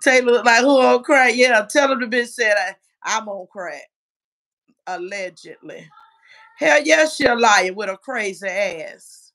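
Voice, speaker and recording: A woman hosting a casual livestream, reading chat comments aloud in a brash, profane way and often shouting. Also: a little high, moderate pace, vocal fry.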